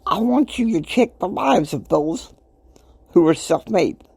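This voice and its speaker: A man in his fifties hosting a motivational podcast, talking emphatically and preachily. He swings between soft asides and loud outbursts. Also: high voice, animated, a little slow, creaky, breathy edge, no room sound. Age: 50s. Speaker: podcast host.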